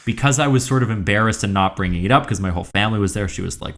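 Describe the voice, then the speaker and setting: Podcast guy, kinda low voice, rambly storytelling vibe. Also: very fast, few pauses, fairly bright tone. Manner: rambling, filler-heavy storytelling. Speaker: podcast co-host. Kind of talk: casual comedy storytelling.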